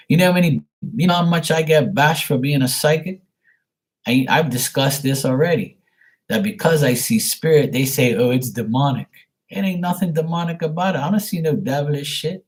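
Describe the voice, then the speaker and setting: A man hosting a psychic livestream, talking bluntly and rambling, with plenty of swearing. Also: fairly high pitch. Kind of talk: casual livestream talk.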